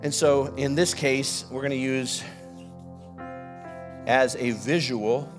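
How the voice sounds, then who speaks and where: A man preaching a sermon as pastor, building animated emphasis as he goes. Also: medium pitch, slow, music in the background. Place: church.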